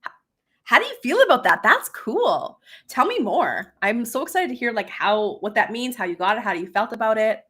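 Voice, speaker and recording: A woman's voice: on the high side, very animated, moderate pace, pushed and bright, husky. A woman hosts a casual live stream as a business coach, chatting with lots of laughter and fillers and reading comments aloud.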